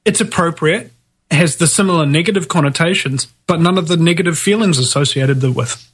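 A man's voice: on the high side, a little fast, slightly rough. A man with a New Zealand accent chatting as a podcast guest, wordy and playful with mock-formal phrasing. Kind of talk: casual podcast chat.

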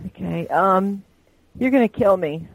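A woman's voice: mid-range voice, measured pace, noisy background. Chatty woman hosting internet radio. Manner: chatty, gushing, laughs often. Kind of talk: live talk radio.

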